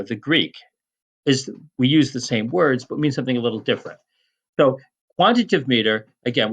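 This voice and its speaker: In a recorded lecture on Latin poetic meter, a man with a mid-range voice teaches in a measured way. He often restarts his sentences and uses fillers.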